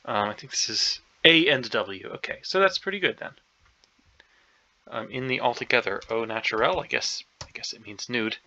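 Gravelly man muttering through a puzzle. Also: medium pitch, animated, moderate pace, pushed and bright. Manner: hesitant, unsure, many ums and self-doubts. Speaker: crossword solver. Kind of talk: thinking aloud while solving a puzzle. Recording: dull lo-fi recording.

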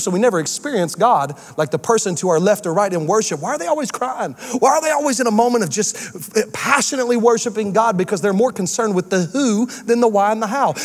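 Animated pastor preaching in a reverberant hall. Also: male voice, very high voice. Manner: animated storytelling with acted-out voices. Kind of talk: sermon. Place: church sanctuary. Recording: long hall reverb from a church sanctuary.

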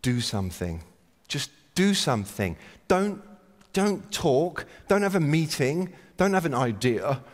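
A man's voice: fairly high pitch, sing-song, unhurried. A man giving a conference opening address from the stage, wry and self-deprecating as he urges the audience to act. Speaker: keynote speaker. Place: large conference hall stage. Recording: long reverb of a big hall.

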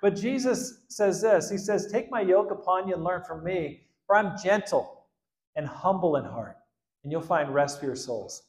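A man preaching a sermon as pastor, animated, swinging between loud outbursts and quiet asides and acting out the quotes. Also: sits high, moderate pace, reverberant. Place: church hall.

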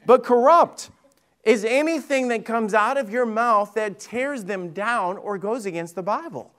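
A man's voice: high voice, measured pace, fairly bright tone. A male lead pastor giving a conversational Bible-study sermon, telling stories and jokes and then pressing his point with emphasis. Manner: chatty storytelling with jokes, rising to emphatic preaching.

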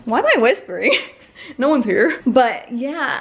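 Woman vlogging, bouncy voice, talks slow, lots of background noise. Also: fairly high pitch. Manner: chatty and excitable, talking to viewers. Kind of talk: casual vlog chat to camera.

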